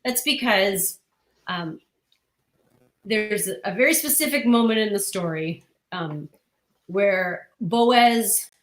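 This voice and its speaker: A woman's voice: medium pitch, takes it slowly, pauses often, echoey room. A woman who writes comics, answering interview questions earnestly and at length, with frequent restarts.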